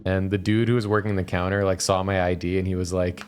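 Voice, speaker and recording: A man from Georgia with a fairly low voice, chatting casually as a game stream co-host. He tells stories in an easygoing, relaxed way. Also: quick pace, a little hiss or hum. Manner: relaxed storytelling. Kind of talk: casual let's-play chat.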